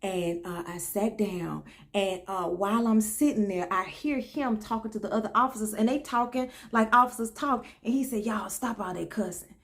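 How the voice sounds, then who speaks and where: A woman vlogger telling a comic personal story in an animated, preacherly way, calling her viewers baby and y'all. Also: mid-range voice, moderate pace, hardly any pauses. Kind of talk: comedic storytelling vlog.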